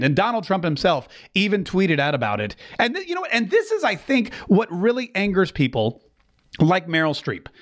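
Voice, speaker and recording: A man hosting an opinionated political show, talking in a sarcastic, mocking way with many asides. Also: sits high. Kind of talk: opinionated commentary.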